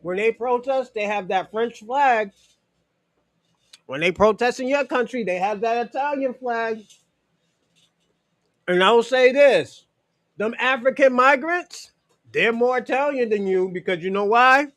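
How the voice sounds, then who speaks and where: High-voiced casual, profane male streamer. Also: measured pace, pauses often, fairly bright tone, no room sound. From United States. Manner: loose and profane, fillers "you know", chuckles often. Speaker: streamer answering chat. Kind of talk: casual livestream chat.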